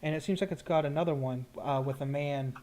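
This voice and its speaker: A man runs a tabletop game as game master, narrating in a loose, casual way. He wanders through his descriptions with fillers and asides. His voice sits a little high for a man. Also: fast talker, dark tone, slight background noise.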